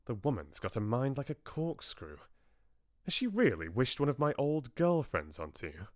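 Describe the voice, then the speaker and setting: A man's voice: mid-range voice, huge pitch swings, moderate pace, a little mellow, no echo, clean studio sound, voice pushed up. A man voicing Richard, a young prince, clipped and indignant, while reading a novel aloud. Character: Richard, young prince, hot-tempered but loving.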